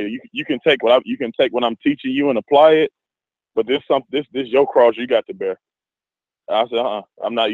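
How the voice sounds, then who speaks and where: A man in casual group discussion, talking haltingly with many restarts and fillers. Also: mid-range voice, dry recording. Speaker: discussion participant. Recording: dry, phone-like audio.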